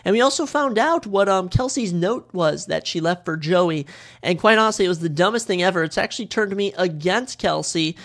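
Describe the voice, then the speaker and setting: A man's voice: sits high, expressive, fairly quick, a bit bright. A young man from Minnesota hosting a podcast, chatting casually and giving strong opinions, often repeating phrases for emphasis. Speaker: podcast host. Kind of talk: casual solo podcast chat.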